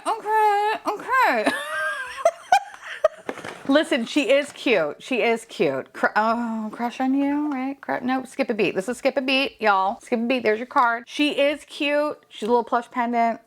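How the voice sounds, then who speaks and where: A woman vlogging a toy unboxing in casual chat, excitable and profane, swinging from deadpan grumbling to squealing delight. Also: fairly high pitch, gravelly.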